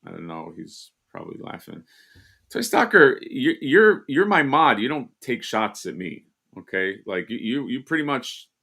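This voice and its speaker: A man's voice: medium pitch, very animated, moderate pace, vocal fry, pushed and bright. A man co-hosting a casual live stream, rambling and joking with lots of fillers and restarts. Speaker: co-host.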